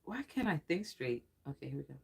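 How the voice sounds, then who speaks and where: Excitable, rambling tarot reader. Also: medium pitch, quick pace, gravelly, husky. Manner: excitable and rambling, often laughing and swearing. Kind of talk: casual livestream tarot reading.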